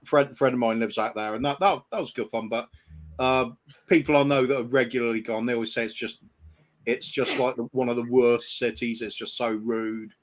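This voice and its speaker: A man's voice: medium pitch, fairly even intonation, a little fast. A man co-hosting a podcast in casual chat, hesitant, with frequent ums and restarts. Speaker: podcast co-host.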